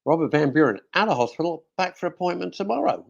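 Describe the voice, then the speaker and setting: Chatty radio guy in the studio, gravelly voice, jumps all over in pitch, rambling jokey banter. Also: very animated, fast, highs cut off. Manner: jokey, rambling, talks to himself. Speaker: radio host. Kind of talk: casual radio chat, reading listener messages.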